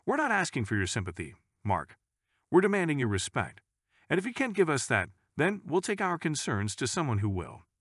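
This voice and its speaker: A man voicing an earnest husband who stands up to his boss, read in storybook narration, steady and sincere. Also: on the high side, a little fast, breathy edge, no room sound, studio quality, pitched above the performer's own voice, exaggerated voice. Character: grateful husband facing his bullying boss.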